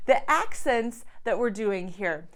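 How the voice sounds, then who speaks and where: A woman's voice: medium pitch, animated, slow pace. A woman teaching piano, explaining step by step in an encouraging way. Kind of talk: piano tutorial. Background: piano playing.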